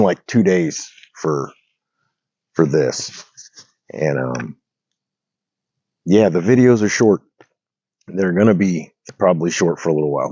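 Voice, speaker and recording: With a cold making him slightly hoarse, a man talks to a phone camera resting on a log outdoors at night on rural land, rambling about reading the Bible with plenty of fillers and restarts. His voice is low, mellow and slightly rough, captured in lo-fi sound with no echo.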